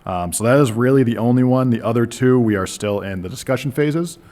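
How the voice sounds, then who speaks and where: A man's voice: mid-range voice, a little fast, dark tone. A man with a Boston accent giving staff updates at a town meeting, chatty and full of ums. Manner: chatty, filler-heavy. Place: meeting room.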